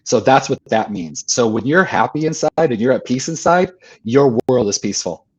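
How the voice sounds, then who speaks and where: A man's voice: medium pitch, moderate pace, slightly rough. Man telling a story in an interview. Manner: animated storyteller acting out quoted voices. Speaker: coach, podcast guest.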